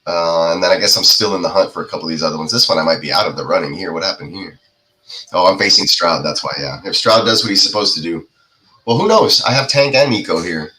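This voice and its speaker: A man hosting a live football watch-party show, his voice sitting a little low but bright and forward. He walks through the plays casually, padding his thoughts with "uh" and easygoing asides. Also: rough recording. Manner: laid-back, filler-heavy play-by-play. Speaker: podcast host. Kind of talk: casual live game commentary.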